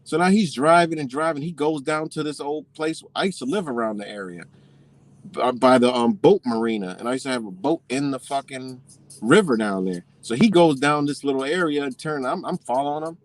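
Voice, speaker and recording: A man's voice: mid-range voice, brisk, no room sound. Profane man telling a story. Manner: profane, animated, swearing freely. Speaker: vlogger. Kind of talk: casual storytelling.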